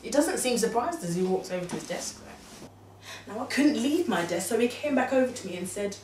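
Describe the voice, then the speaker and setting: Young woman, dramatic monologue, lively pitch, confiding then exclaiming, echoey room, distant mic. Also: normal speed, a little hiss or hum. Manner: animated, confiding, swings between hushed and exclaiming. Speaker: narrator telling a story to her mother.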